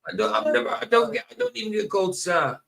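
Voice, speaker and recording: A man co-hosting a casual group chat show, joking and animated, often tripping over his words. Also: high-pitched, fast, a little hiss or hum. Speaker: podcast co-host.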